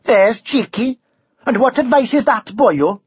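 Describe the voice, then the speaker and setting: A reader voicing a huge, cheeky male dragon with a high-pitched, lilting, sing-song Welsh accent, teasing and threatening in a storybook reading. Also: animated, measured pace, breathy edge, no room sound. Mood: menacing teasing. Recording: dull lo-fi recording.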